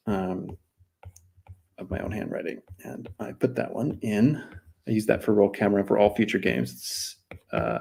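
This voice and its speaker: A man's voice: on the low side, creaky, a little mellow. A man chatting casually while he draws on a stream, rambling and thinking aloud. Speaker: artist streaming while drawing. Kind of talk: casual chat. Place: lives in Germany.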